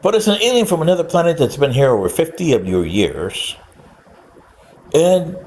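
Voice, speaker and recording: Older man, slow drawn-out delivery, rather high voice, scolding lecture, rambling monologue. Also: darkish tone. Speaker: vlogger.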